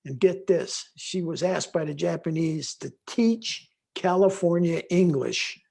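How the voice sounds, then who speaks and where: A man's voice: a little high, a little slow, gravelly. An older man on a video call, telling rambling stories about former students as a guest speaker. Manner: rambling with restarts, animated retelling. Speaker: guest speaker, longtime voyage faculty. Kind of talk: conversational storytelling.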